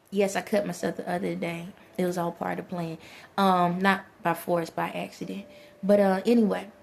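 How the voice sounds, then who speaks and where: A woman's voice: medium pitch, vocal fry, a little mellow. A woman, talking to her viewers in a rambling spiritual monologue, laughing often and speaking to presences only she feels.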